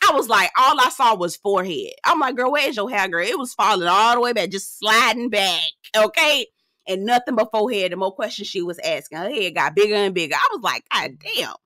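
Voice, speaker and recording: A sassy TV recap host dishes on a reality show in a casual, brisk way, laughing as she talks and calling her listener "girl." Her mid-range voice is bright and expressive, swooping around a lot. The sound is dry and close, with no room sound.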